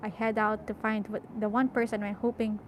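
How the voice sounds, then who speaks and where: A woman's voice: mid-range voice, flat delivery, a little fast, a little hiss or hum, rough recording. A young woman reading a novel aloud, often correcting herself and stopping to chat about how emotional the story makes her. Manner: emotional, self-correcting, chatty. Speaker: audiobook reader.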